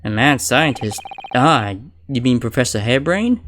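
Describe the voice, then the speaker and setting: A man's voice: medium pitch, animated, moderate pace, fairly bright tone, faint music behind, close to an everyday voice. Man voicing an earnest young defense lawyer. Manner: polite, puzzled questioning. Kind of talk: reading game dialogue aloud.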